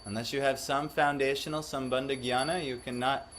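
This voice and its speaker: A man's voice: mid-range voice, steady tone, fairly quick, a bit bright, a little hiss or hum. A man giving a devotional class to a live audience, often questioning the listeners and acting out the voices he quotes. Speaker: spiritual teacher.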